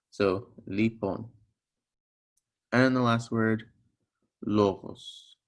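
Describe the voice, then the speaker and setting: His voice is fairly low and gravelly: a young man teaching a recorded language class. He takes each sound patiently in turn and repeats examples so the listener can follow along.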